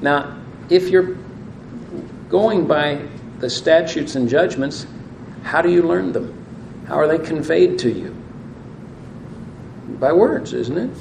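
A man's voice: on the high side, lively intonation, slow, creaky, long pauses, a little mellow. A man preaching a sermon, reading scripture aloud and asking his listeners questions. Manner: asks the audience questions, reads scripture aloud. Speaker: pastor. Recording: echoey room with faint noise.

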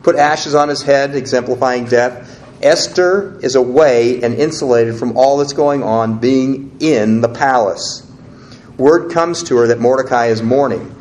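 A man's voice: medium pitch, a little slow, darkish tone, a little hiss or hum. Man preaching a conversational sermon. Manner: conversational teaching, guides listeners through verses. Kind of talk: sermon with scripture reading.

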